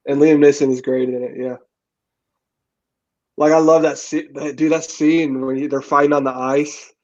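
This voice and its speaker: A man's voice: on the high side, little pitch movement, moderate pace, darkish tone, muffled recording. A man co-hosting a casual podcast chat, talking in an enthusiastic, slangy way. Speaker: podcast co-host.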